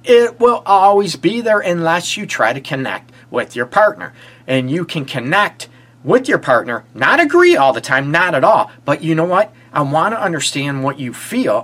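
A middle-aged relationship therapist gives earnest advice on a live stream, talking casually to his audience and posing rhetorical questions. His voice is a little high and a bit bright.

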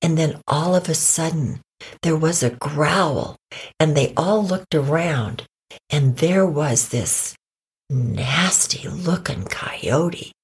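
A woman improvising a children's story, voicing the characters with big jumps in pitch and dropping into whispers. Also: slow pace, husky.

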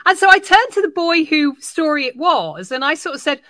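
A woman's voice: high voice, moderate pace, no room sound. A woman who works in early years education, telling classroom stories on a podcast and acting out the dialogue as she goes. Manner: animated, acts out dialogue while telling stories. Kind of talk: podcast conversation, telling an anecdote.

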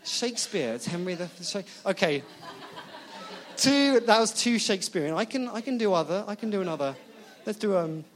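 A male preacher giving a sermon in an animated, joking way, often asking the audience questions. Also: high voice, normal speed.

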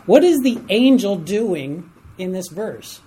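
A teacher leading a Bible study class, asking group members to read verses and explaining them in an animated way. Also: mid-range voice, slow, husky, low-quality recording. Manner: animated, asks the class for readers, chuckles at stories. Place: room with a class.

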